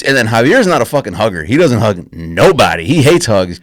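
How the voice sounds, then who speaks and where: A man co-hosting a casual podcast, telling stories with excited high-pitched quotes and lots of swearing. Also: brisk, few pauses. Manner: lively storytelling, quotes people in high excited voices; swears casually, says man and dude a lot. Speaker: podcast co-host and actor. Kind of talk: casual chat.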